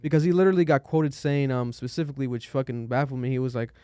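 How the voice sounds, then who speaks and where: A young man talks loosely on a podcast, swearing freely and leaping up in pitch when something baffles him. His voice is smooth and resonant. It is recorded close and dry, with no room sound. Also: quick pace, no echo. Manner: animated, swearing, voice jumps high when exasperated. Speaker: podcast host. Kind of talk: casual podcast chat.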